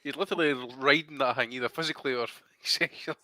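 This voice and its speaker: A man's voice: medium pitch, quick pace, pushed and bright, dry recording. A man co-hosting a podcast, swearing through mocking rants in casual banter. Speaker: podcast co-host.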